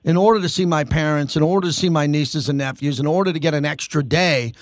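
A sports radio host talks fast and with punch. His fairly high male voice sits close and dry on a studio mic, with no room sound around it. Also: no echo. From Long Island, New York. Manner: energetic, emphatic, quick talk.

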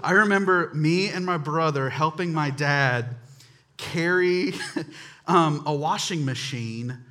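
Speaking slowly in a fairly high, bright and forceful voice, this North Carolina preacher delivers a humorous sermon. He spins chatty stories and talks straight to the crowd.

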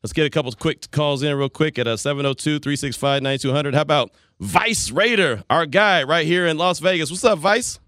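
A man's voice: on the high side, a little fast, few pauses, a bit bright, clear, resonant tone, no echo, clean studio sound. A man hosting a sports talk radio show, chatting loosely and rambling between listener messages and calls. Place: radio studio. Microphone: studio microphone.

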